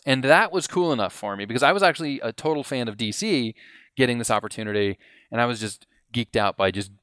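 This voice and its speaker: A man with a smooth, resonant voice, recorded close and dry. He is a podcast guest spinning a rambling story, animated and self-deprecating. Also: mid-range voice, fast talker, no room sound. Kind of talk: casual storytelling.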